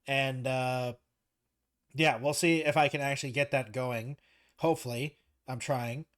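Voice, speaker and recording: Male podcast host, mid-pitched, teasing and relaxed, trailing off softly. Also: unhurried. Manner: teasing, trails off quietly at phrase ends. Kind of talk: casual chat.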